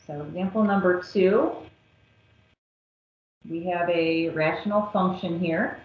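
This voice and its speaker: A woman's voice: on the low side, fairly even intonation, a little hiss or hum. A woman math teacher working through a calculus problem step by step, patient and methodical. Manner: slow, patient, step-by-step explaining. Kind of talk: recorded calculus lesson. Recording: echoey, dull lo-fi classroom recording.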